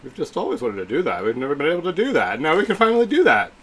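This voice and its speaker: A man's voice: fairly high pitch, very animated, rapid-fire, a bit bright, husky. A man streaming live, reacting to announcements with gushing exclamations and greeting his chat viewers.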